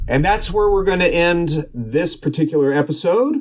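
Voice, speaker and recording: A man hosting a role-playing podcast, narrating as game master with frequent filler pauses. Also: fairly high pitch.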